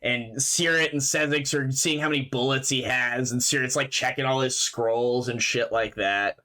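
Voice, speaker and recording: A man's voice: mid-range voice, steady tone, normal speed, sharp tone. A man running a tabletop game as game master, narrating in a loose, casual way, laughing, swearing freely and filling his talk with "like" over an online voice chat mic.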